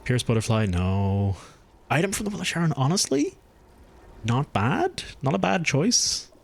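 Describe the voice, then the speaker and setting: A man streaming a game, chatting casually and thinking aloud as he plays, with his pitch jumping up when something surprises him. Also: wildly swooping pitch, unhurried, vocal fry. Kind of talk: casual gameplay commentary.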